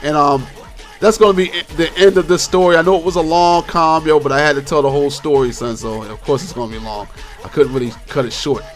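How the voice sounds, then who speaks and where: A young man with a fairly high voice tells a story to his vlog audience. He talks casually and is full of slang. He retells it in an animated way, and faint music plays behind him. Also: a little fast. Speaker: vlog host.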